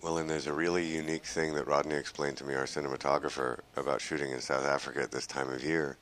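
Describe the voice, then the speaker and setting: A man, the film's lead actor, giving commentary in a slow, considered manner. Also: rumbling low, flat delivery, fairly bright tone. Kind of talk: film commentary.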